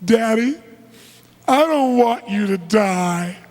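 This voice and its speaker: A man's voice: sits high, lively intonation, takes it slowly, darkish tone, big-room sound, voice pushed up. A man putting on a crying little girl's pleading voice. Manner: pleading, tearful. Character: crying five-year-old girl pleading with her dad.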